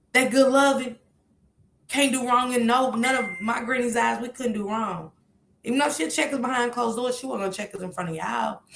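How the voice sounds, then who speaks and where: A woman streamer talks through the drama in a casual, animated way, her voice high and bright. She jumps from loud emphatic bursts to low muttered asides. The sound carries a noticeable room echo. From Kentucky. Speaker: commentary streamer. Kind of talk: casual reaction commentary.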